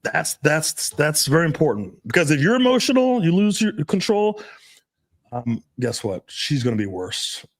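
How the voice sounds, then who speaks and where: A man's voice: a little high, big pitch swings, moderate pace. A man in casual podcast chat, loose and profane, full of fillers and frequent laughs.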